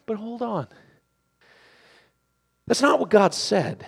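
A man preaching a sermon who swings between hushed, quiet passages and loud, excited shouting. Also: high voice, slow pace, gravelly, pauses often, breathy edge.

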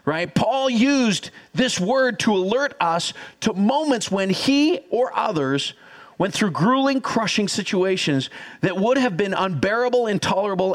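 A man preaching a sermon as pastor, energetic and teaching, calling on the congregation to repeat after him. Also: high-pitched, measured pace. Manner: energetic, teaching, audience call-and-response.

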